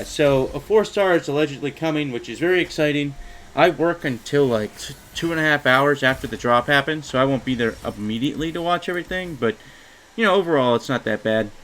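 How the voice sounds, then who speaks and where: A man's voice: mid-range voice, fairly bright tone, a little hiss or hum, poor audio. A young man giving casual, rambling commentary over his own card-game run, full of fillers and mild frustration. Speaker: gaming YouTuber.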